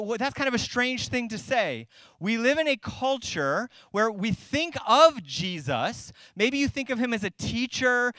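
A middle-aged man pastor delivers a sermon in a high, bright voice. He talks in a loose, conversational way and often restarts his phrases. The sound is close and dry. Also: no room sound. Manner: conversational preaching with repeated restarts.

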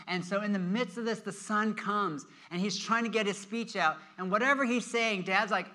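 A man preaching a sermon with a high, very bright voice. He tells the story with energy and acts out the characters' lines in changing voices. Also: normal speed, few pauses. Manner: animated storytelling, acting out quoted voices. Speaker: pastor.

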